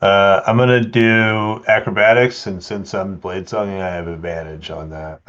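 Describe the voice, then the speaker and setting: A man's voice: low-pitched, fairly even intonation, normal speed, fairly bright tone, lo-fi sound. A man playing a tabletop game, hesitantly checking rules before he acts. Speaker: player.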